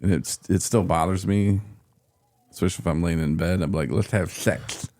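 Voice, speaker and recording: Candid and casual, this podcast co-host laughs through his stories and has a slight lisp on his S sounds. He speaks briskly in a deep, dark, steady voice, and the recording has no echo.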